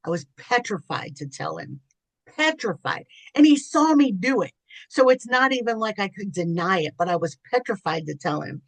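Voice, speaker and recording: A woman's voice: mid-range voice, animated, normal speed, vocal fry, no room sound. A middle-aged woman, a podcast guest, telling candid personal stories in an earnest, chatty way, often restarting her sentences.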